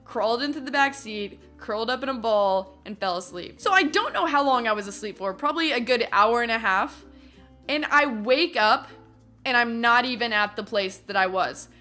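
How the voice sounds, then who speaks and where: A young adult woman telling a story from her teens in a casual vlog, animated and acting out what other people said. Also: a little high, normal speed, soft background music. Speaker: vlogger.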